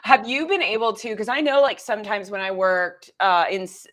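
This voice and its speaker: A woman's voice: medium pitch, expressive, normal speed, a bit bright. An American woman hosting a casual live-stream interview, chatty and enthusiastic, with lots of "like". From United States. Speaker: host.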